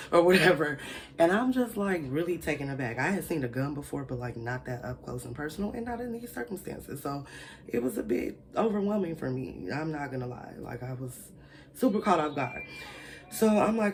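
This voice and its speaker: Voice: mid-range voice, moderate pace. A vlogger telling a wild personal story in a casual storytime monologue, chatty and full of "like" fillers, swearing freely and acting out the people in it. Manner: animated, acts out quoted people.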